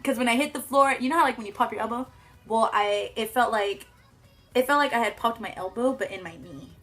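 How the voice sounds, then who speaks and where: A woman's voice: on the high side, fairly quick, soft background music. Chatty teenage girl telling a story. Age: teens. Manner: chatty, full of "like", swearing, acts out quotes loudly. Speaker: vlogger. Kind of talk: casual story time vlog.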